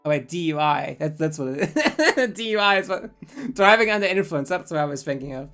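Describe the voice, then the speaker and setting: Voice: medium pitch, lively intonation, a little fast, a bit bright, soft background music. A streamer commenting on a game live, blunt and rambling with frequent swearing and laughing asides.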